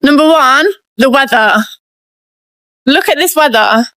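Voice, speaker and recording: A woman's voice: high voice, unhurried, a bit bright, no room sound, rough recording. A woman counting down complaints in a vlog, grumbling.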